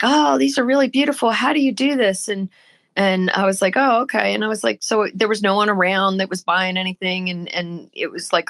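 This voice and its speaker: Recorded dry, a woman with a somewhat low voice co-hosts a casual podcast. Her storytelling is animated, and she acts out whoever she's quoting.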